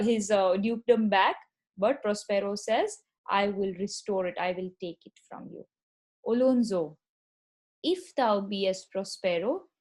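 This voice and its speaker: A woman teacher, with a fairly high voice, walking through a play line by line. She reads each quoted verse slowly and more loudly, then restates it in plain words with small fillers. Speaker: literature teacher.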